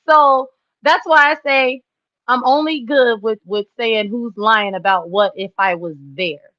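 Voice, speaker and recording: A woman's voice: a little high, a little slow, no room sound. Woman host, chatty and laughing, talks to viewers in a dry, dull lo-fi recording. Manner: chatty, laughs often, acts out what people said. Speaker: live stream host. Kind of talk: casual live chat to viewers.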